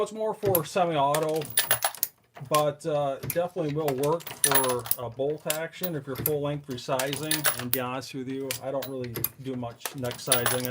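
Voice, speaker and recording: A man's voice: mid-range voice, very noisy. A man hosting a casual live stream from his reloading bench, chatting with viewers while he works with his hands.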